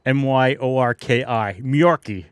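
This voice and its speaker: Casting: man doing a burly Boston orc barman, gruff and friendly, mid-pitched. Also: a little slow, dry recording, studio quality, lightly acted.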